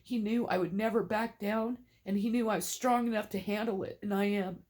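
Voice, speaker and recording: A woman's voice: medium pitch, fairly even intonation, fairly quick, darkish tone. A middle-aged mother speaking emotionally to camera, tearful and defiant, swearing in anger.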